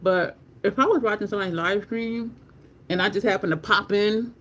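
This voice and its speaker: A woman's voice: mid-range voice, brisk, fairly bright tone, slight background noise. A teary woman, chatting candidly on a makeup livestream, swearing casually and thanking viewers in chat. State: teary, near crying.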